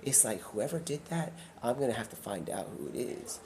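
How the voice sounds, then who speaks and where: A man's voice: medium pitch, very animated, moderate pace, crowd noise. A man hosting a live stream, rambling through a long story and acting out the characters he quotes. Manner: rambling, acts out quoted characters in shifting voices. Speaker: livestream host.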